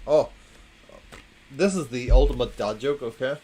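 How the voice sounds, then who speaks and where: A man's voice: medium pitch, unhurried, slight background noise, low-quality recording. A man hosting a casual livestream, reading groan-worthy jokes to his chat and repeating the punchlines when no one answers. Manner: wry, plays to a quiet chat, repeats punchlines. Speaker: livestream host.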